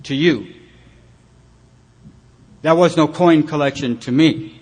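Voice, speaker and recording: A man speaking as a bitter older father, a hunter who answers him with gruff, seething, blunt threats while telling the story. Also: on the high side, takes it slowly, a little mellow. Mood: seething anger.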